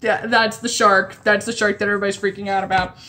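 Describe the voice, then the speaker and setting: A woman's voice: medium pitch, level tone, fast talker, bright, forceful tone. A woman chatting casually about a comic while drawing, rambling with lots of restarts. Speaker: comic art vlogger.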